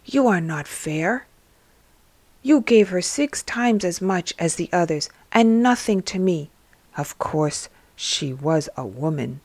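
A woman voicing a resentful old beggar man who loudly complains that he was treated unfairly. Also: high-pitched, expressive, takes it slowly, no room sound, heavily acted. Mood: indignant. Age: older. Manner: complaining, indignant, loud.

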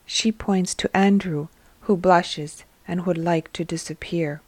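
A woman narrating a devotional story in a steady, measured reading voice. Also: lowish voice, no echo.

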